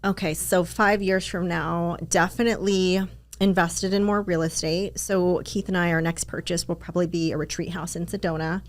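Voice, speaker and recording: A woman with a slightly lower-than-average voice chats easily as a podcast guest. She talks with upbeat energy, leaning on fillers like "like" and "um" as she explains things. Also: little pitch movement, moderate pace. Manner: chatty, upbeat, filler-heavy with "like" and "um". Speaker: podcast guest, business coach. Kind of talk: casual interview chat.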